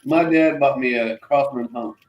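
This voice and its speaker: A middle-aged man co-hosting a casual morning talk show, telling lively stories with laughter and putting on voices of the people in them. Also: mid-range voice, normal speed, echoey room, lo-fi sound. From Florida. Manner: animated, laughing, acts out voices in his stories. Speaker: co-host. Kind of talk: casual storytelling chat.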